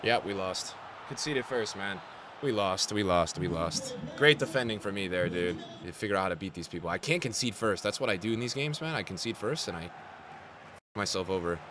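A young man commentating his own football video game on a stream, with a sore throat, grumbling low and then bursting out loud and swearing. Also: brisk, a crowd in the background. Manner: swings from flat grumbling to loud outbursts, swears a lot. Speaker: gaming streamer. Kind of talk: live gameplay commentary.

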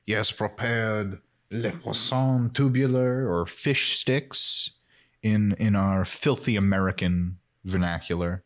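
A man's voice: fairly low pitch, slow, a bit bright. A young man co-hosting a podcast, recapping an episode in casual chat with hesitant restarts and dry jokes. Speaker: podcast co-host.

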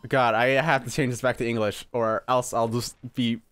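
A man's voice: mid-range voice, level tone, normal speed, fairly bright tone, clear, resonant tone. A young man casually commentating a role-playing game as he plays, swearing often and laughing and exclaiming at surprises. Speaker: let's play gamer.

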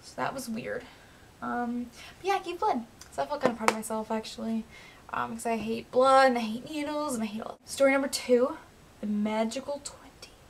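A woman's voice: a little high, fairly quick, slight background noise. A teenage girl telling rambling, chatty stories to camera in a home vlog, full of "like" and "um". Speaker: vlogger. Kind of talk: casual storytelling vlog.

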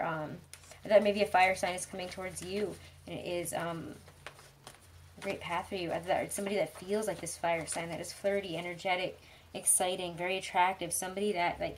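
Woman tarot reader, a bit low-pitched, loose and chatty, lots of ums and light laughs. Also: a little hiss or hum. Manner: chatty, rambling, frequent fillers and soft laughs. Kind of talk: casual tarot reading.

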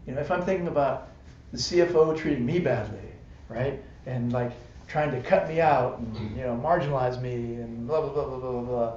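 Dull live-stream audio with a faint hiss and room echo carries a man's casual Buddhist dharma lecture. His mid-range voice is a little mellow and brisk; he chats, laughs frequently, and checks in with "right?" and "you know."

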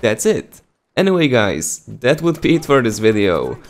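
Male gaming youtuber, Polish accent, lively sarcastic delivery, mid-pitched voice. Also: normal speed. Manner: sarcastic and exasperated. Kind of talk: casual commentary vlog.

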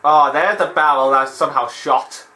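A man with a fairly high, steady, bright, and forceful voice hosts a let's play at normal speed, chatting in a rambling, digressive way and laughing often as he plays. The low-quality recording has a little hiss or hum.

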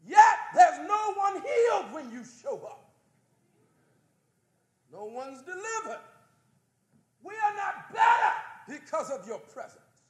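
A man preaching a fiery sermon, shouting with passion and leading the crowd in call-and-response prayers in a large conference hall. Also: extremely high pitch, very animated, takes it slowly, pauses often, slight background noise. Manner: impassioned, shouting, fired up. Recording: echoey hall.

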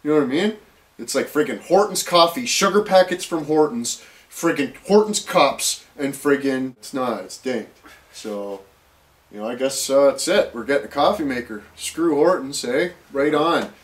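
A man's voice: mid-range voice, animated, moderate pace. A man ranting casually to camera, rambling and profane, full of fillers and restarts. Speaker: vlogger.

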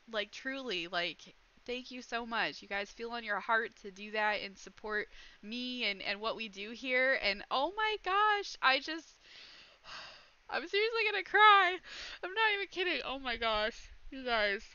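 A woman's voice: a little high, bright, forceful tone, clean tone, dry recording, dull audio. A woman streaming casually, chatting to her viewers and gushing thanks, close to tears. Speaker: streamer hosting Bible study. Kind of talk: casual livestream chat.

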